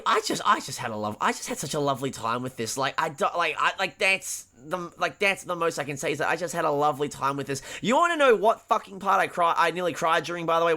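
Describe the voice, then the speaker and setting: A man co-hosting a podcast talks through a movie in loose, profane bursts. He keeps restarting his sentences. His voice sits a bit high and rings bright. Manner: animated, profane, halting with many restarts. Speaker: podcast co-host. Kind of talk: casual film-review chat.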